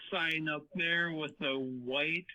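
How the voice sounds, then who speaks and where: A man in casual chat, blunt and quick to chime in and laugh along. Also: a little high, fairly even intonation, sharp tone.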